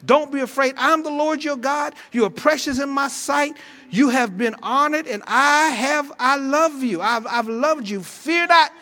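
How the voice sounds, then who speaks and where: A man preaches with a very high, bright, forceful voice, rising and falling with churchy fervor. He repeats his phrases, stumbles and restarts, and calls out to his congregation. His speech carries a flavor. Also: measured pace. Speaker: pastor. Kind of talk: sermon.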